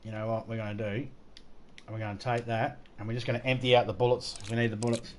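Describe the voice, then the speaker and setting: A man's voice: mid-range voice, level tone, quick pace, a little hiss or hum. A middle-aged man chatting casually during a game stream, joking around, swearing freely and rambling through anecdotes. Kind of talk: casual live-stream chat.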